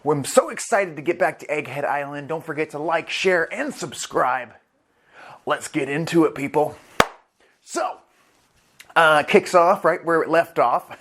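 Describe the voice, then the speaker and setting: A man's voice: fairly high pitch, moderate pace, fairly bright tone. A man hosting a casual, enthusiastic chapter review who rambles and swears freely. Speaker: anime review channel host.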